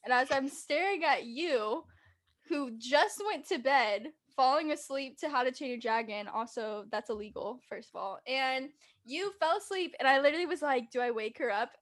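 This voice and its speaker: Young woman, high voice, animated laughing podcast storyteller. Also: moderate pace. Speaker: podcast co-host. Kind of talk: casual chat.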